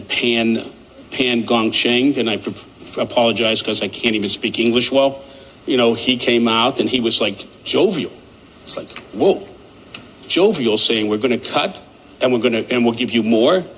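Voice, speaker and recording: A man analyzing markets in conversation, talking in an animated, emphatic and rambling way. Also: mid-range voice, a little hiss or hum, low-quality recording. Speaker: market commentator.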